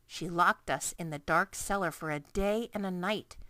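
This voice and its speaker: A woman's voice: fairly low pitch, moderate pace, pushed and bright, dry recording, clean studio sound. A woman voicing a little orphan girl who speaks in a plain, matter-of-fact way.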